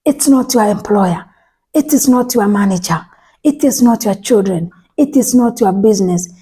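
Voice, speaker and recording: A woman preaching a sermon, speaking emphatically, repeating phrases and restarting words, and sometimes dropping to a soft whisper. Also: medium pitch, lively intonation, moderate pace, husky.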